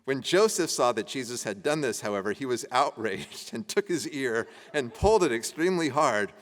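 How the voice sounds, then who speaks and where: A man's voice: medium pitch, expressive, moderate pace. A man teaching an adult education class at a church, reading ancient texts aloud and talking them over casually. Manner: conversational, laughing while reading old texts aloud. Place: church meeting room. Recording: church hall reverb.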